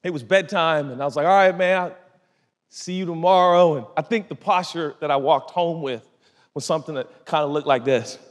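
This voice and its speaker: A middle-aged man preaching a sermon, telling a story with lively acted-out voices. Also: fairly high pitch, normal speed. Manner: animated storytelling, acting out quoted voices. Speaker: pastor. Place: large church hall. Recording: long reverb of a large hall.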